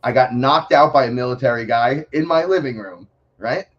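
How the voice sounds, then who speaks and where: A man telling stories as an interview guest, excitable and profane, acting out voices as he goes. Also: medium pitch, normal speed. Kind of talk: animated storytelling. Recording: dull lo-fi audio.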